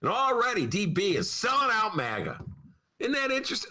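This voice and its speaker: A man co-hosting a podcast in casual, joking political chat, with big swings in pitch. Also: fairly quick. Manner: animated, joking, swings his pitch a lot. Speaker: podcast co-host.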